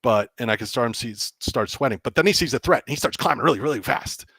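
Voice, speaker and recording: An excitable man tells a story on a podcast, his voice at a middle pitch and bouncing up whenever he plays out a scene. He restarts his sentences often and acts out the lines of the people in it. The sound is dry and close, with no room around him. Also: quick pace, slightly rough, no room sound. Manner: excitable, acts out quoted dialogue, many restarts. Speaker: game developer guest. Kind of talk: animated storytelling in a podcast chat.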